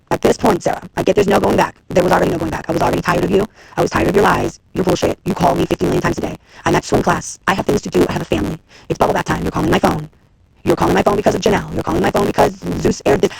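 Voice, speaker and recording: A woman in her thirties, a reality TV personality, venting on a livestream in a fast, profane, exasperated rant to her viewers. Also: fairly low pitch, vocal fry, slightly rough, low-quality recording. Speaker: reality TV personality and executive producer. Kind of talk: Instagram live rant to viewers.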